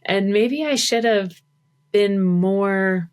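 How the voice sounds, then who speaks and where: A woman's voice: medium pitch, slow, smooth. A woman talking as a podcast guest in casual conversation, chatty and full of "like" fillers.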